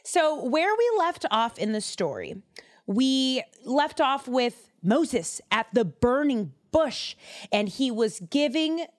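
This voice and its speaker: A young woman hosting a podcast, retelling a Bible story in a chatty, slangy, animated way. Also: sits high, slow, no echo, clean studio sound. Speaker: podcast host.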